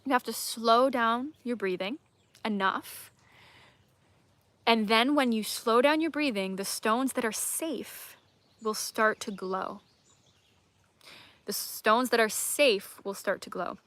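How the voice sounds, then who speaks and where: A woman voicing small, gentle gnomes in a story she is telling, speaking in a slow, soothing, instructive way. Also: a little high, no room sound.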